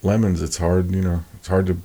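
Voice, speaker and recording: Deep-voiced male collector, husky and gravelly, easygoing storyteller. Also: a little fast. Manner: relaxed retelling with many fillers. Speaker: record collector. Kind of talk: casual chat.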